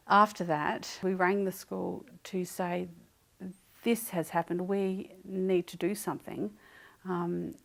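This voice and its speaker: A woman's voice: lowish voice, creaky. Earnest mother recounting a story. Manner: conversational, hesitant with fillers, earnest. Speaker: mother interviewee. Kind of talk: recounting a personal story in an interview.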